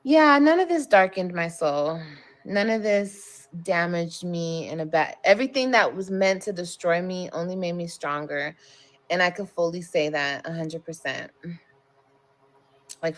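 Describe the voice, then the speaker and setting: A woman talking casually on a livestream, blunt and heavy on swearing as she vents to her viewers. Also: lowish voice. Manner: blunt and profane, emphatic venting.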